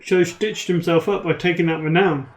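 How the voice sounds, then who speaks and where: A man's voice: on the high side, fairly even intonation, moderate pace. A man doing casual commentary on a card game, with teasing, dry banter. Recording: roomy echo.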